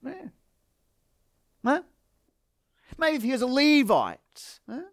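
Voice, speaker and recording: Animated Australian male preacher. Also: extremely high pitch, takes it slowly, no room sound, clean studio sound. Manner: animated preaching with rhetorical questions. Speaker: pastor. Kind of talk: sermon.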